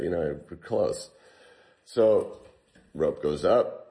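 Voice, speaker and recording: A man telling a long survival story in an interview, retelling what people said in lively bursts. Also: low-pitched, unhurried. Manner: animated retelling, quotes himself and others.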